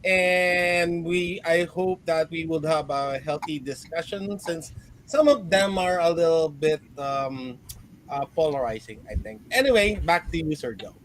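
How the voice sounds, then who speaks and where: A man's voice: fairly high pitch, measured pace, a bit bright, a little hiss or hum. A man on a gaming panel, joking and laughing as he greets everyone in playful banter. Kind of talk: casual panel chat.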